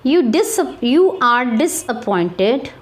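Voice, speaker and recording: A woman reading the lines of a fat, wheezy middle-aged male secret agent, in a slow and fairly high voice. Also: big pitch swings. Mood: weary, knowing.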